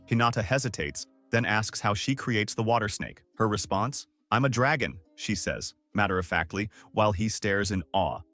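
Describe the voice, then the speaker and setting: Low-voiced man narrating a story expressively. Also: fairly bright tone. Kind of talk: scripted narration of a manga recap.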